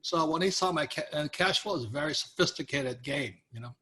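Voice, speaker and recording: An older man, a guest author, telling animated anecdotes in an interview, acting out quoted voices. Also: fairly high pitch, brisk. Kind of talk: storytelling interview.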